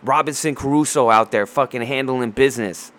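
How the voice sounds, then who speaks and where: A man on a loose sports rant, swearing freely and trash-talking with real heat. His voice sits at an ordinary middle pitch. He rambles, restarts his sentences and wanders into asides as he goes. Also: brisk, a bit bright. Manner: heated, profane, trash-talking.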